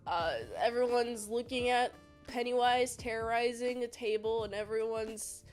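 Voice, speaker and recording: A woman's voice: on the high side, fairly even intonation, normal speed, faint music behind. A woman reviewing a movie in a casual, rambling, jokey recap with self-deprecating asides.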